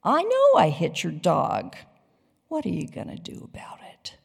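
A sneering, crude truck driver, as a woman storyteller puts him on, dragging his words out in a low, taunting drawl. The voice is husky and gravelly, and it rings with a long hall reverb. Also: sing-song, takes it slowly, exaggerated voice.

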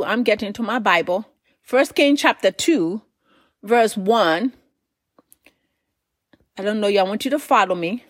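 A woman's voice: on the high side, no room sound, studio quality. A woman, preaching a sermon, telling a story with emphatic repetition.

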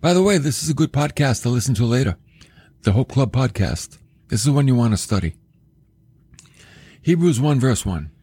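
A man teaching a sermon-style Bible lesson for a podcast, animated, often asking the listener questions and acting out quoted voices. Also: medium pitch, moderate pace, long pauses, husky, no room sound. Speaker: podcast preacher.

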